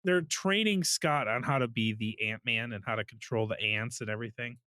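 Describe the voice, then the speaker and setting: A man's voice: mid-range voice, a little fast, pushed and bright, no room sound, clean studio sound. A man co-hosting a casual podcast, telling movie scenes in an easygoing way and acting out the quotes. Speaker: podcast co-host. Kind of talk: casual chat.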